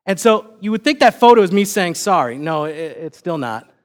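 Young male preacher, high-pitched, easygoing storyteller with self-deprecating humor. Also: big pitch swings, moderate pace. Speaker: pastor. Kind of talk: sermon with personal story.

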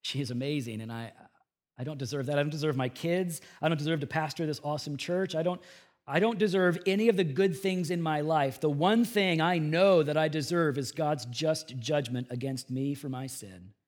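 Pastor preaching with rising emphatic bursts. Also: male voice, a little high, normal speed. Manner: swings from hushed earnest tones to loud emphatic bursts. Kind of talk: sermon. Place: church.

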